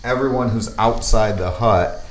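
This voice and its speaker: A man with a fairly low voice narrates as the game master of a tabletop session. He describes things haltingly, full of fillers. The room is echoey, with clear noise behind him. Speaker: dungeon master.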